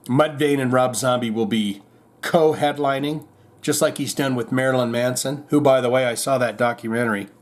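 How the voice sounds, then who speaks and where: Rambling male rock-news podcaster. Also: medium pitch. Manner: rambling, offhand, with many fillers and restarts. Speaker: podcast host. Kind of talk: casual rock news chat.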